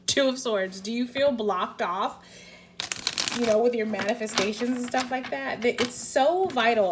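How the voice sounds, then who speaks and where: A woman with a mid-range voice gives a chatty, rambling pick-a-card tarot reading over a noisy background. Her talk is casual, packed with fillers, restarts, and the occasional swear word.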